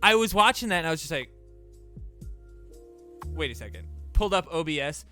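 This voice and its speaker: Young man, gaming streamer, casual profane chat, excitable, forceful bright voice, faint background music. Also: sits high, racing. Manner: excitable, profane, exclaims in disbelief.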